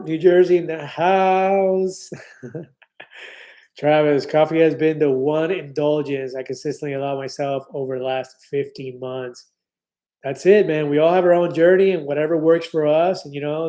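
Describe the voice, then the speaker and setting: A man's voice: a little high, warm tone. Upbeat chatty man in his fifties. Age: 50s. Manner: upbeat, chatty, reads viewer comments aloud with many fillers and restarts. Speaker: live stream host. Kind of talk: casual live stream chat reading comments.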